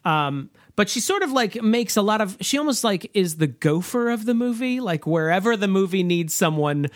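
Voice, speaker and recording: A podcast co-host in casual movie review chat, talking with many fillers and restarts and slipping into quick mock voices when quoting. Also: medium pitch, lively intonation, no echo, clean studio sound. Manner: chatty, lots of fillers and restarts.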